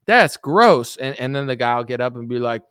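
Rambling young man with a smooth voice. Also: mid-range voice, level tone, fast talker, no echo, clean studio sound. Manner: rambling, many fillers, mimics others mockingly. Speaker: political commentary streamer. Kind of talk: casual livestream chat.

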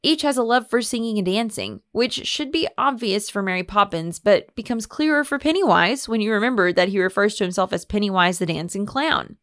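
A woman's voice: medium pitch, lively intonation, brisk, few pauses, fairly bright tone, no room sound, clean studio sound. A woman podcast host reading a fan theory aloud and chatting enthusiastically with her co-hosts.

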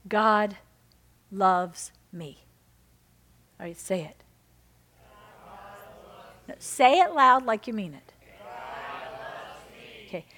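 A woman pastor preaching a sermon, swinging between loud exhortation and soft, intimate lines. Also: mid-range voice, expressive, drawn-out words, pauses often.

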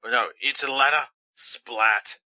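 A man's voice: mid-range voice, unhurried, sharp tone, no echo, poor audio. A man co-hosting a wrestling watch-along, teasing his friend with crude, mocking, profane banter.

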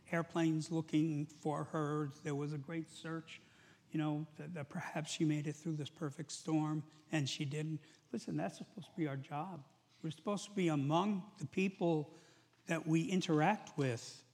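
A male pastor preaching a sermon in a church, talking conversationally and building to loud, emphatic peaks. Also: a little high. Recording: long hall reverb.

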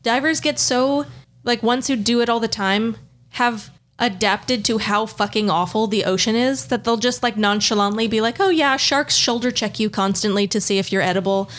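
A woman's voice: fairly high pitch, moderate pace, fairly bright tone. A woman co-hosting a casual chat, wry and blunt, with swearing. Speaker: podcast co-host.

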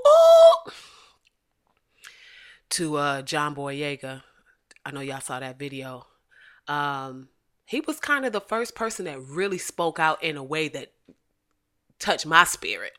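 Woman host. Bright, forceful, profane comic rant with big volume swings. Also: unhurried, long pauses. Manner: profane, animated, swings from loud shouting to low asides. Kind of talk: casual comedic rant.

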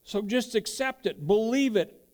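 A man's voice: sits high, lively intonation, measured pace, darkish tone. A middle-aged man preaching a sermon, mixing folksy storytelling with emphatic declarations. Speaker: pastor.

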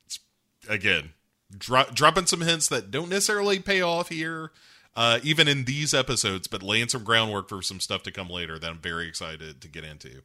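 A man's voice: mid-range voice, expressive, fairly quick, pushed and bright. A man co-hosting a podcast, recapping an episode in loose, profane casual chat and laughing often. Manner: loose, profane, laughing, acts out characters in quotes. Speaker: podcast co-host recapping a show.

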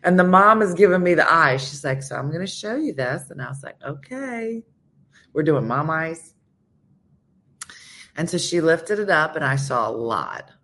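A woman's voice: low-pitched, moderate pace. A woman hosting a morning radio show, telling stories in casual chat and acting out the quotes as she goes, often turning to listeners by name. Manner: animated, acts out quotes in voices.

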